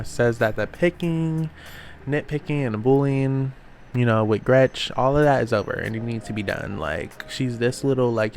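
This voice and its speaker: A man hosting a casual reality show recap, talking in a sassy, slangy way with quick asides. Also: medium pitch.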